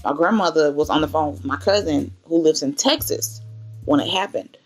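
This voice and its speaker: A woman's voice: deep voice, moderate pace, faint music behind. A woman in her twenties candidly telling an emotional personal story in a faith vlog. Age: 20s. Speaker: vlogger.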